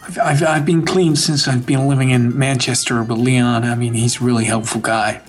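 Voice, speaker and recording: A man playing a troubled male FBI agent in recovery who talks in an earnest, halting, therapy-speak way. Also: mid-range voice, flat delivery, husky, faint music behind, lightly acted.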